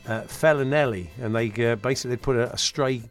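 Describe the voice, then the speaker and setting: A man's voice: medium pitch, a little fast, soft background music. A man hosting a podcast, quizzing his co-host in casual chat with lots of hesitations. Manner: chatty, hesitant with many uhs.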